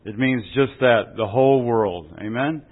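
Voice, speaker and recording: A man's voice: medium pitch, measured pace. A man preaching a sermon in a folksy, joking way, often asking "Amen?" as he teaches. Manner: jokey, chuckles at his own stories. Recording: tinny phone-like recording.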